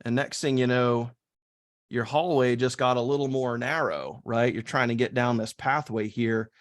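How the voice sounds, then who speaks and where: A man's voice: medium pitch, normal speed, dry recording, studio quality. A man teaching online business in a casual, slangy style, acting out his students' worries and doubts. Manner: animated, slangy, acts out students' inner doubts.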